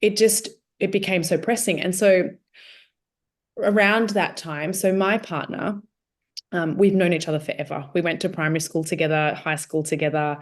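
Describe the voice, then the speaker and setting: Woman, low voice, casual storytelling, animated quoted dialogue. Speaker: guest sharing her testimony.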